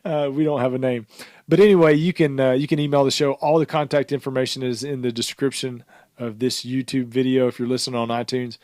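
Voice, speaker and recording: Male co-host, mid-pitched, loose rambling delivery, dry close mic. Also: steady tone, brisk, darkish tone, no room sound. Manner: rambling, laughs often, lots of "uh" fillers. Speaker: podcast co-host. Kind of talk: casual podcast chat.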